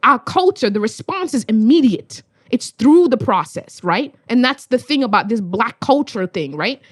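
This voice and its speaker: A young woman from Australia, a spoken word poet, telling stories in a casual conversation, animated and swearing freely. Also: on the high side, moderate pace, dry recording, studio quality. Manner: animated, swears freely, acts out voices in anecdotes.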